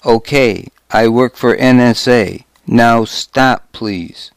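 A man's voice: medium pitch, slow, creaky, clear, resonant tone, no echo, studio quality. A man voicing a frightened male captive who is pleading with his captor.

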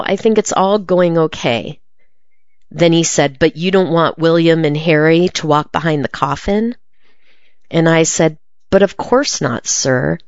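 A woman reading a magazine interview aloud in a measured, even delivery. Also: sits low, no echo, dull audio. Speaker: article reader.

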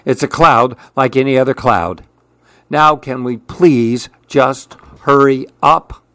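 A man's voice: medium pitch, takes it slowly, sharp tone, no room sound. A man voicing a busy, impatient male pigeon who huffs and hurries his words.

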